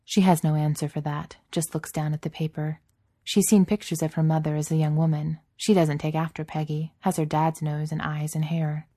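A woman reads a story aloud in a steady, measured way. Her voice is low and mellow, and the recording is dry and close. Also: no room sound. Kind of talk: reading fan fiction aloud.

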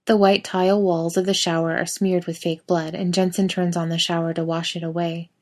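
A woman reading a story aloud as narrator, with steady, expressive pacing. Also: on the low side, brisk.

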